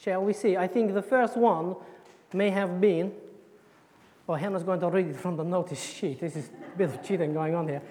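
A woman's voice: lowish voice, normal speed, warm tone. A woman giving a playful children's sermon in church, joking and quizzing her audience. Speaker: preacher leading a children's talk. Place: church hall. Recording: echoey church hall.

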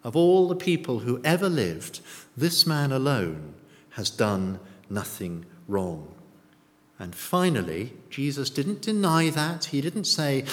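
Slow, lively-voiced male preacher in church. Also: medium pitch. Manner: rhetorical questions, tag questions to the congregation. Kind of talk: sermon. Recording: long church reverb.

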